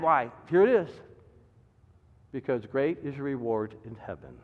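A male pastor preaches with a high, animated voice that leaps from emphatic shouts to hushed asides. He presses the congregation with question after rhetorical question. The sound is dull and lo-fi, carried on a long church reverb. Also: a little slow. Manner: dynamic preaching, swinging between loud emphatic climbs and low quiet drops. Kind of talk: sermon. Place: church sanctuary.

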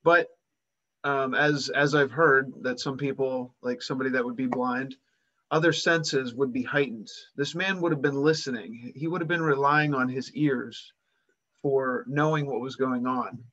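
A man's voice: medium pitch, fairly even intonation, a little slow, a bit bright, highs cut off. A man preaching a sermon, retelling a Bible story and acting out its voices with rising emphasis.

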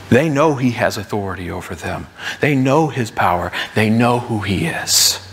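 A man's voice: medium pitch, fairly bright tone, in a large hall. A man preaching a sermon as pastor, in a conversational way, acting out what the crowds might say. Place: church sanctuary.

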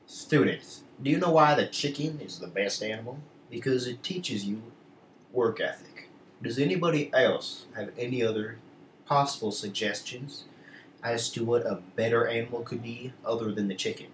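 Seorang pemuda meniru guru laki-laki yang sok penting. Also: male voice, medium pitch, normal speed, a little hiss or hum, lightly acted. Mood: lecturing. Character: pompous male teacher praising chickens. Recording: echoey room, mic at a distance.

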